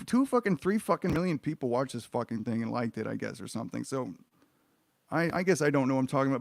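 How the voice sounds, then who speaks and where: A man's voice: medium pitch, gravelly, dry recording. A man streaming a reaction, ranting in an exasperated, sarcastic, profane way about what he watches.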